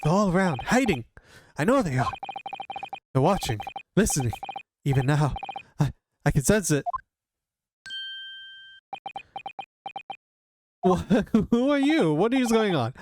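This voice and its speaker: A man's voice: high voice, big pitch swings, moderate pace, long pauses, noisy background. A man voicing a florid, melodramatic poet prisoner. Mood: paranoid. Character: theatrical young male Japanese poet prisoner. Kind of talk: reading game dialogue aloud.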